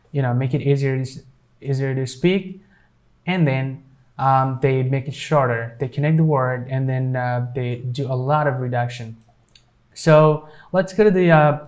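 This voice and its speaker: A man's voice: medium pitch, a little mellow. A man teaching English pronunciation, explaining with many fillers and repeating example sentences. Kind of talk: pronunciation lesson.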